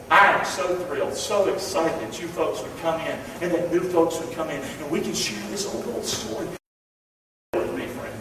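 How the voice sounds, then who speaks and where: A man's voice: high-pitched, fairly bright tone, a little hiss or hum. A male pastor with a Southern US accent preaching a folksy, impassioned sermon with call-and-response in a church sanctuary. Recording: echoey hall, mic far off.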